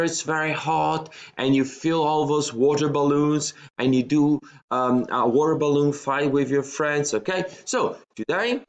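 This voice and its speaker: A male teacher giving a recorded science lesson from a room at home, explaining step by step in a patient way and often checking in with "okay?". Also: medium pitch.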